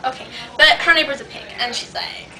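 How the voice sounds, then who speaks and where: A woman's voice: high voice, fairly quick, pushed and bright. A woman improvising a silly comic story in a rambling, giggly, chatty way. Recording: distant mic, noisy home video.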